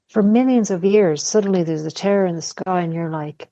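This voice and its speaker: A middle-aged woman with a lowish voice tells personal stories on a podcast, frank and unfiltered, with the odd curse. The sound is dry and close, with a slightly dull, lo-fi tone. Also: normal speed, dark tone, dry recording. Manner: candid storytelling with casual swearing. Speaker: podcast guest. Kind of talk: casual conversation.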